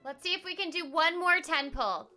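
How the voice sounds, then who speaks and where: A woman voice actor livestreaming a game, talking excitedly to her chat. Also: very high voice, moderate pace, soft background music. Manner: excitable, chatty, talks to chat.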